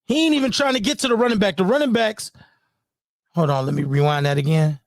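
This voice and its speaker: A man's voice: fast talker, no room sound, clean studio sound. Heated, profane man breaking down game film. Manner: heated, profane, repeats "boom" and "you know what I'm saying". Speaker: parent breaking down game footage. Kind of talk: casual screen-share commentary.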